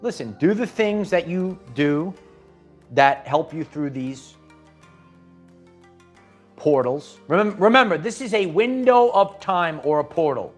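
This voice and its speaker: A man's voice: fairly high pitch, expressive, slow, pauses often, soft background music. A man hosting a live spiritual pep talk, speaking emphatically, repeating phrases and restarting his sentences often. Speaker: spiritual channel host.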